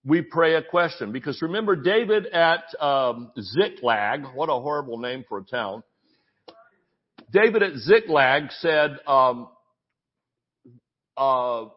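Man preaching with animated storytelling. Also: medium pitch, slow pace, long pauses, lo-fi sound. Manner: animated storytelling, mimics voices in quotes. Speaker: pastor. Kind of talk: sermon.

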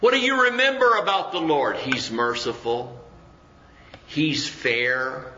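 Bright-voiced man preaching in an echoey church. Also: a little high, slow pace, slight background noise. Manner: conversational preaching with rhetorical questions and mimicked voices. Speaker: pastor. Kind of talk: sermon. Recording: roomy, dull church recording.

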